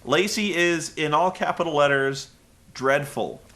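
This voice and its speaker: A man's voice: fairly high pitch, measured pace, bright, forceful tone. A man hosting a casual, rambling recap of a wrestling show. He is profane and sarcastic. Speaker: podcast host.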